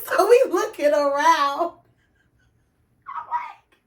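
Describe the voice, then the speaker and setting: A woman's voice: sits high, measured pace. A woman with a Texas accent telling a story casually, full of slang and swearing, acting out the other people's lines. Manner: animated, profane, slangy, acts out quoted voices.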